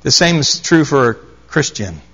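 A man's voice: mid-range voice, very animated, normal speed, fairly bright tone, highs cut off. A man preaching a sermon, reading scripture aloud and stressing his points by repeating key phrases. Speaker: pastor.

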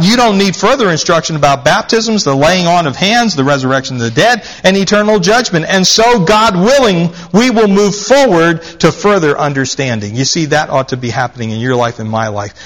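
A man's voice: sits high, a bit bright. A man with a slightly raised voice delivers a sermon from the pulpit. He reads scripture verses aloud and presses his points home by repeating the key phrases. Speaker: pastor.

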